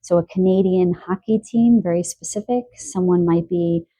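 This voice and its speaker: A woman giving an intuitive love card reading, musing aloud with soft laughs and a slightly stuffy nose. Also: on the low side, moderate pace, no room sound. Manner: musing, stream-of-consciousness, frequent soft laughs. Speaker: tarot card reader.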